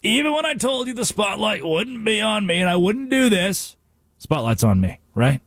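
A man's voice: sits high, sing-song, normal speed, fairly bright tone, no echo, studio quality, voice pushed up, full character voice. A man doing a needy, spotlight-hungry star athlete. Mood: smug. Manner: needy, attention-seeking, drawn out. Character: mocking impression of a self-absorbed male star athlete.

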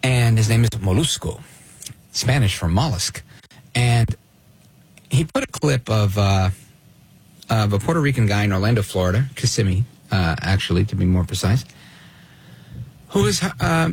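A man's voice: fairly low pitch, breathy edge, no room sound. A man hosting a talk radio show, delivering an opinionated, sardonic monologue and reacting to clips he plays.

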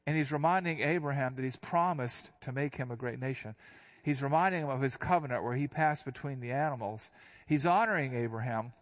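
An older man, a pastor, giving a conversational Bible teaching, reading verses aloud and then explaining them in a relaxed way. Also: medium pitch, fairly quick. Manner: relaxed and explanatory, reads scripture then unpacks it.

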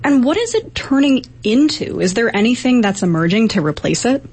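A woman's voice: a little high, big pitch swings, a little fast, darkish tone, husky. A woman radio reporter asking short, curious interview questions.

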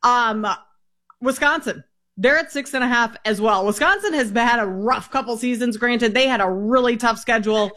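Brisk radio host with a Minnesota accent. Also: medium pitch, pushed and bright. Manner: brisk, sets up each topic for the co-host. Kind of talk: sports betting talk on air.

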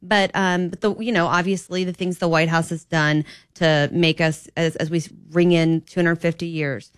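A woman's voice: on the low side, normal speed, smooth, dry recording. Fill-in talk host, woman, chatty and opinionated, gets emphatic, close dry mic. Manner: chatty, animated, rising to emphatic indignation. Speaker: fill-in radio show host. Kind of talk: opinionated talk radio monologue.

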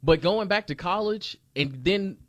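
A man's voice: high voice, lively intonation, a little slow, no room sound, clean studio sound. A man joining a casual sports talk show as a guest, laid-back and conversational.

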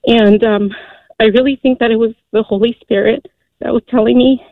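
A woman in her forties calling in to a radio show, telling a personal story earnestly, with many halting fillers. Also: fairly high pitch, fairly even intonation, dry recording. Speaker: caller. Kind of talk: call-in radio testimony. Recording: tinny phone line.

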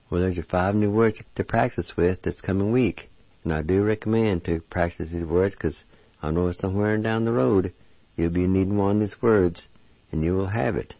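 A man teaching a language lesson, slowly sounding out each word syllable by syllable. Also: deep voice, warm tone, no echo, lo-fi sound. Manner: slow, breaks words into syllables.

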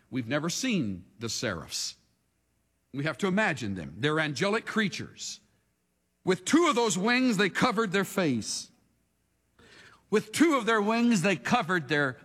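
A male pastor preaching a sermon, swinging between hushed asides and shouts, leading the congregation in a call-and-response. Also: on the high side, long reverb tail.

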